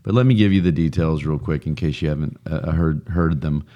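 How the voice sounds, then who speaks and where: A man's voice: very deep voice, a little fast, mellow, lo-fi sound. A man co-hosting a casual podcast, chatty and joking, often laughing at his own stories. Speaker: podcast co-host.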